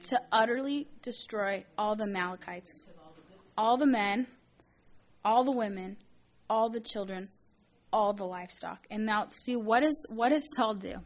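A woman's voice: medium pitch, unhurried, dull audio. A woman reading scripture aloud and explaining it with questions to her listeners. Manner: reads aloud then asks questions, animated asides. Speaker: bible teacher.

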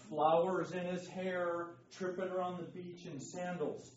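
A man's voice: high-pitched, fairly even intonation, measured pace, a little hiss or hum. A man leading an interactive Bible lesson, speaking emphatically, quizzing his class and often checking in with "okay?". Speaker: Bible study teacher. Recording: echoey room, distant dull mic.

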